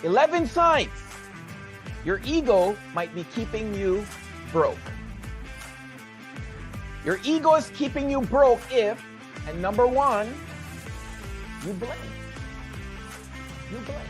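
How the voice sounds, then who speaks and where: A man's voice: high voice, expressive, takes it slowly, long pauses, soft background music. Emphatic man teaching money habits. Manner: emphatic, repeats key points, asks rhetorical questions. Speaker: financial educator. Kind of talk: motivational webinar lesson.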